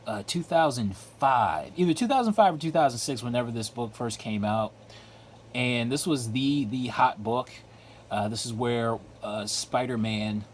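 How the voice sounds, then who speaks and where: A man's voice: mid-range voice, a little hiss or hum. A man showing off his comic book haul in a casual, chatty way, repeating phrases and filling gaps with "uh" and "like.". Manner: chatty, repeats himself, lots of fillers. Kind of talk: casual video commentary.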